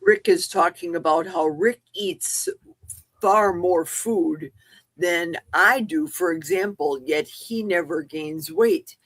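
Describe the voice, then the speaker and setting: A woman's voice: lowish voice, takes it slowly, a little hiss or hum. Candid woman in her sixties. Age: 60s. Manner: candid, reads chat comments aloud. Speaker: podcast co-host. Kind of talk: casual chat.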